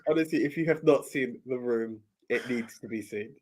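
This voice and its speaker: A man's voice: mid-range voice, normal speed, a little mellow. A man co-hosting a casual movie podcast, agreeing often, laughing readily and reading out listener comments. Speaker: podcast co-host.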